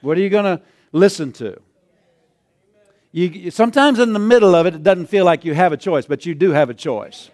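A man's voice: sits high, lively intonation, normal speed, darkish tone. A male pastor preaching a sermon, often chuckling and calling out to the congregation. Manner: chuckling, call-and-response.

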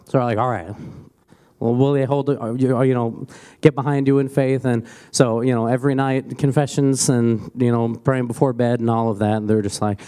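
A father tells a church testimony with lively storytelling. His voice is mid-pitched for a man. He slips into his children's voices as he recounts what they said. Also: fairly quick, smooth. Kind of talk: spontaneous testimony.

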